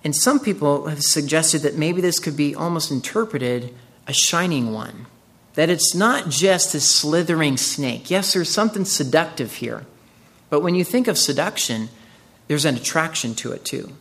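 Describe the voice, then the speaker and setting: A man's voice: on the high side, expressive, moderate pace, fairly bright tone. A man preaching a sermon in an earnest way, walking through a scripture passage and rising into emphatic quoted voices. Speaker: pastor.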